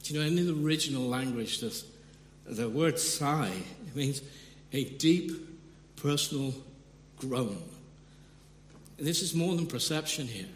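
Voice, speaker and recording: A man's voice: mid-range voice, unhurried. A man preaching a sermon in an earnest way, often restarting his sentences and rising sharply for emphasis. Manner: earnest, with frequent restarts and sudden emphatic rises. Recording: echoey hall with long reverb, faint hum.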